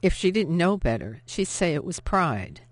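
Brief: measured novel narrator, mid pitch, dry studio read. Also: very animated, no room sound. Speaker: audiobook narrator.

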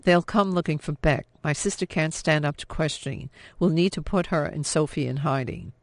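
Male reader doing a pressing, determined younger sister, gravelly edge. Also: a little high, normal speed, no echo, natural voice.

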